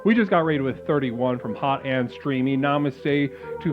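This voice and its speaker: A man's voice: medium pitch, normal speed, few pauses. A man hosting a comedic new-age call-in stream, talking in a soothing spiritual-guru patter. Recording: phone-like lo-fi with faint music.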